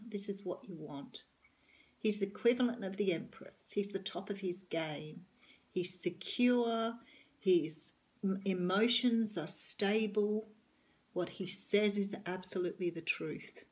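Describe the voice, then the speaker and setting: A middle-aged Australian woman with a husky voice, giving an earnest, reassuring tarot reading straight to the camera. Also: mid-range voice, darkish tone. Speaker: tarot reader.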